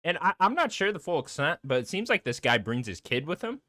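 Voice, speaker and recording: On the high side and brisk, this man's voice belongs to a podcast co-host telling stories in loose, easygoing chat. He's animated, laughing and swearing throughout, with no room sound in the recording.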